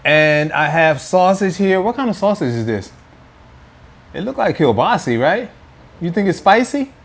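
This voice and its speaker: A man's voice: high voice, big pitch swings, normal speed, vocal fry. A man hosting a casual food vlog, playful and teasing as he talks to viewers at home. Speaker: food vlogger. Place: indoors at home.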